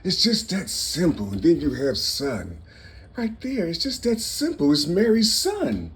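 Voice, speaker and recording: A man in his fifties delivering an impassioned, rambling monologue, swinging between loud bursts and low mutters and repeating himself. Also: huge pitch swings, measured pace.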